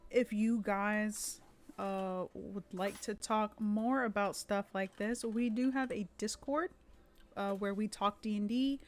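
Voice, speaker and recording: A chatty woman talking casually on a live stream about tabletop game rules. She rambles, restarting her sentences and filling pauses with ums. Her pitch sits at an ordinary middle height. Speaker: streamer and dungeon master.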